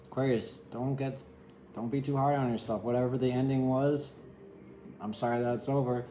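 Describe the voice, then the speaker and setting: A man's voice: mid-range voice, fairly even intonation, normal speed, dark tone, echoey room, a little hiss or hum, rough recording. A man giving a casual, rambling tarot reading, candid and sometimes swearing. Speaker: tarot reader.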